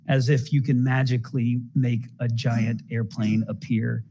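A man's voice: medium pitch, level tone, unhurried, hardly any pauses, warm tone, breathy edge. A man preaching a sermon, telling stories and asking the congregation rhetorical questions. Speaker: pastor.

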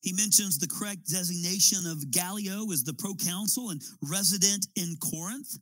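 Man, pastor, sermon, emphatic, bright tense tone, dry close sound. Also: high-pitched, moderate pace, no room sound, rough recording. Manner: emphatic preaching with rising appeals.

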